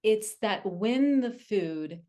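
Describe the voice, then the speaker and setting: A woman author talking candidly as an interview guest, telling personal stories in an animated way. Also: medium pitch, very slow. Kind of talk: casual interview chat.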